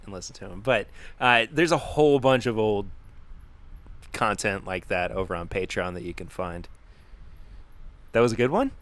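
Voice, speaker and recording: A man's voice: on the low side, fairly bright tone. Chatty man hosting a live stream. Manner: chatty and upbeat, thanking viewers. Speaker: podcast host. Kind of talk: casual live-stream chat.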